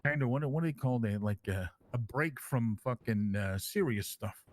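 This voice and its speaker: A man's voice: medium pitch, normal speed, close to an everyday voice. A man playing a brash, crude crime-family boss who calls himself king, rambling and swearing through his stories in an online role-play. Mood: boastful. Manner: rambling storyteller, swears constantly, lively and animated.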